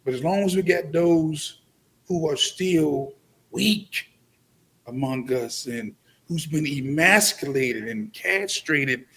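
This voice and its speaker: A man speaks as a guest in a live-stream discussion, with a blunt and emphatic delivery. He talks slowly and deliberately, his voice a little high for a man. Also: animated, vocal fry, a bit bright, slightly rough.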